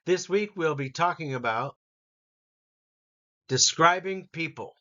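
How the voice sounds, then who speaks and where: Male English teacher, a bit high-pitched, drilling words with clear syllable stress. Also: takes it slowly, pushed and bright, muffled recording. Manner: models each word with clear stress, repeats for learners. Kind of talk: slow, deliberate pronunciation lesson.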